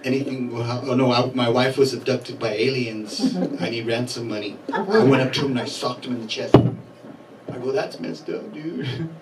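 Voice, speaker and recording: A man's voice: medium pitch, normal speed. A middle-aged man from Colorado doing a bawdy stand-up comedy set in a small venue, acting out characters in his stories. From Colorado, USA. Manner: loose, bawdy storytelling with voiced-out characters. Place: small chapel venue with live audience. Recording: distant camera mic, noisy room.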